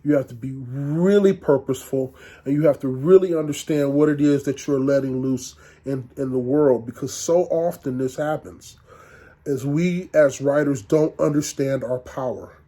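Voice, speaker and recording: Soft-toned conversational male lecturer. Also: mid-range voice. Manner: conversational, halting with restarts and fillers. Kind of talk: university lecture.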